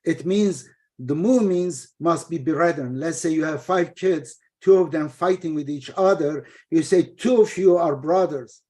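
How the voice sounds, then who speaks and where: A middle-aged man, Turkish his first language, leads an informal study session on scripture translation. His voice sits a bit high for a man. He talks in an explaining, halting way, full of fillers and restarts. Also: dark tone.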